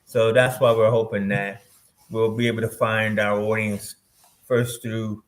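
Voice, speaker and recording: A man's voice: on the low side, little pitch movement, measured pace. A man, a filmmaker guest in an interview, easygoing and laughing often. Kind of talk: casual interview chat.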